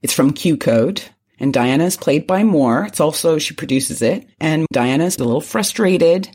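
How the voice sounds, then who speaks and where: A woman co-hosting a podcast in casual chat, playful and quick to laugh. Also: low-pitched, animated, darkish tone, husky. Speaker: podcast co-host.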